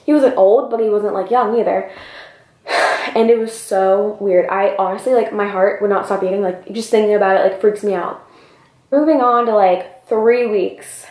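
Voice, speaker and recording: A young woman vlogger telling a story in an animated, breathless way, peppered with "like", in a roomy space. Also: medium pitch, normal speed. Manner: animated, breathless retelling full of "like". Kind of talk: storytime vlog.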